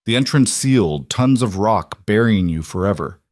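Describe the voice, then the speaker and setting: A man reading a cold, smooth villain boss. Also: lowish voice, expressive, moderate pace, darkish tone, no room sound, clean studio sound, lightly acted. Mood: menacing. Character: cold, calculating male villain mine boss.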